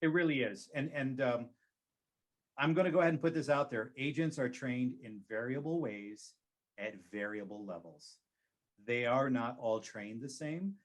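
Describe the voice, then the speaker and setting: Emphatic man giving real estate advice. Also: medium pitch. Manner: emphatic, repeats key phrases for stress. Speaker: real estate agent and show expert. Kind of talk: conversational advice talk.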